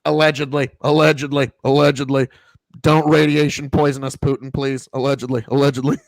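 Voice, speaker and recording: Host, male, from Nebraska. Rambling, swears constantly, high gravelly voice, close dry sound. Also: level tone, a little fast, dry recording. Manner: profane, rambling storyteller. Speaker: podcast host. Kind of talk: casual chat.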